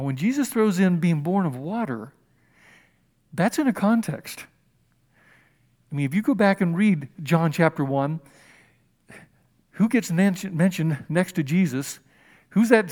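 A man preaching a conversational Bible sermon, animated and chatty with humorous asides. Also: high voice, in a large hall.

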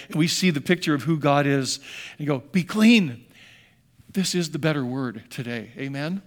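A man's voice: on the high side, expressive, normal speed. A male pastor preaching a sermon with fervor, repeating phrases and acting out the quotes he reads.

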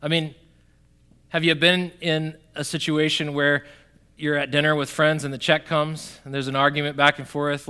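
Animated pastor with a bright voice. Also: male voice, fairly high pitch, smooth. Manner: animated, swings from loud emphatic to quiet and soft; conversational, addresses the congregation directly. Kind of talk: sermon.

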